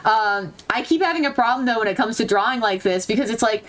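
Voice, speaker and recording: Young woman, game playthrough host, playful and giggly, very high animated voice. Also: fast. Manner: playful, giggly, switches between narrating and chatter. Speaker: let's-play host. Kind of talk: reading a game aloud with commentary.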